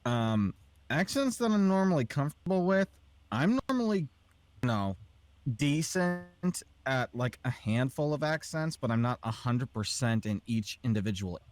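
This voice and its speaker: A man with an ordinary mid-range voice explains things casually on a podcast. He hedges and fills pauses with ums, and his pitch moves with some liveliness. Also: very animated, no room sound. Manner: easygoing, hesitant, with many ums.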